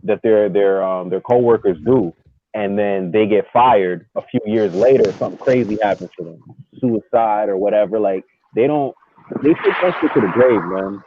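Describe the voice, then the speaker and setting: A man's voice: fairly low pitch, moderate pace, slight background noise. A man in a casual podcast chat, using street slang and chiming in often. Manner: street slang, frequent interjections. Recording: muffled lo-fi sound.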